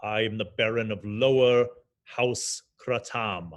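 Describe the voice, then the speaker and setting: A man's voice: fairly low pitch, steady tone, measured pace, lightly acted. Man putting on a pompous baron, haughty, commanding, indignant, tabletop game. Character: haughty cruel male noble baron.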